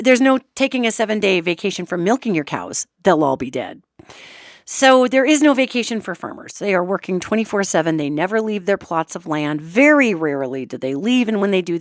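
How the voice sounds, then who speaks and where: A woman hosting a podcast, delivering an animated, chatty monologue, repeating her points and swearing casually. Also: medium pitch, dry recording, studio quality. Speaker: podcast host. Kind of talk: talk show monologue.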